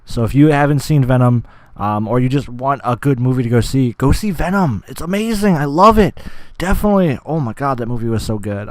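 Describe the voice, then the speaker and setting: A man's voice: medium pitch, a little mellow, no echo. A young man hosting a podcast, rambling enthusiastically in casual chat, with lots of fillers and swearing. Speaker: podcast host.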